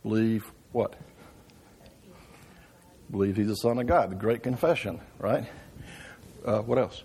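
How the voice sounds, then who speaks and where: A man's voice: lowish voice, measured pace, darkish tone. Man teaching a church class. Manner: conversational, asks the class questions with frequent "right?".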